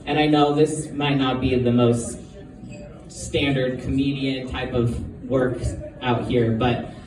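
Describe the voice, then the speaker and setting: A man's voice: mid-range voice, little pitch movement, slow. A man doing his first stand-up set, telling a long joke with hesitant ums and rambling asides. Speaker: amateur stand-up comedian. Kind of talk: first-time stand-up storytelling. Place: live comedy show venue. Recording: echoey room from far off, noisy.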